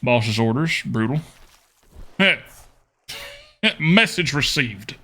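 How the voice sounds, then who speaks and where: A man's voice: medium pitch, expressive, extremely slow, bright, forceful tone, husky. A young man streaming a card game, chatting casually and thinking aloud with murmured hmms and repeated okays. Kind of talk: casual live gameplay commentary.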